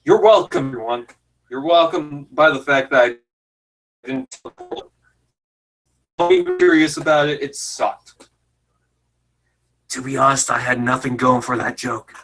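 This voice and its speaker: A man's voice: medium pitch, lively intonation, unhurried, long pauses, a bit bright, low-quality recording. A man giving casual, jokey commentary over a fan film, rambling and self-deprecating. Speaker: YouTube commentator.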